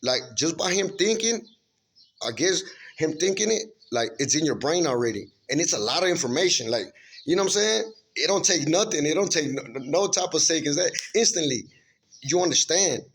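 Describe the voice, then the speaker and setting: A man's voice: on the high side, animated, fairly quick, fairly bright tone, slightly rough. A man earnestly recounting a spiritual vision in casual, informal speech, full of restarts and repeated checks with the listener. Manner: earnest, rambling, many restarts and "you know what I'm saying"; emphatic, informal storytelling. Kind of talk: casual spoken testimony.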